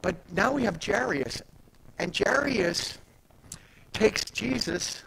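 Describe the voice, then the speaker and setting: A man preaching a sermon as pastor, animated and conversational, swinging from soft asides to loud emphatic peaks. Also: high-pitched, takes it slowly, vocal fry, a little hiss or hum, low-quality recording. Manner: conversational, retells scripture in everyday speech.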